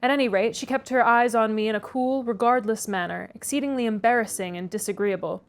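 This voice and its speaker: A woman reading a classic novel aloud, pausing for chatty asides and laughing at her own stumbles. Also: medium pitch. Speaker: audiobook reader, read-aloud host.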